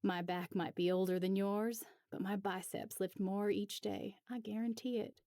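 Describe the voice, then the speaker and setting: A woman's voice: medium pitch, steady tone, moderate pace, dark tone, no echo, studio quality, natural voice. Woman reading as a hearty middle-aged man. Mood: jovial. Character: cheerful middle-aged man, jokey and proud.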